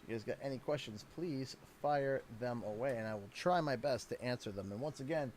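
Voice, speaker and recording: A man from Canada hosting a game livestream, casual, playful and expressive. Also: medium pitch, brisk, slight background noise. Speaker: livestream host.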